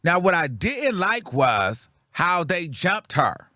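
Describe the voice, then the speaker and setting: A man's voice: a little high, big pitch swings, slow, hardly any pauses, bright, forceful tone, no room sound, clean studio sound. A young man from the Bay Area hosting his show, giving blunt, sassy commentary on reality TV in casual chat. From Bay Area, California. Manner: sassy, blunt, repetitive rants. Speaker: show host.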